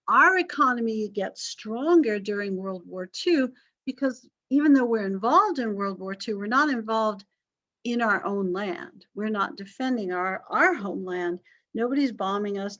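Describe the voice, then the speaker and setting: With a fairly high, bright and forceful voice, a woman lectures a history class in a chatty way, fixing her own slips and adding jokey comments. Vocal cord damage gives her voice slight strain, and the audio is dull.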